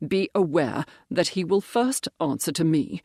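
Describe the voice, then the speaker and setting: A grim, steady gentleman presses his questions without letting up, as the narrator reads him. The delivery stays controlled and firm. The sound is close and dry. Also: medium pitch, a little slow, breathy edge, no echo. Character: grim, determined male baronet and major.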